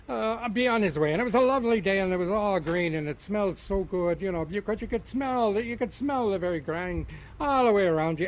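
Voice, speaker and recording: A man who performs as a storyteller, chatting casually with many fillers and a lilting telling voice. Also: high-pitched. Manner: rambling with fillers, lilting when telling tales.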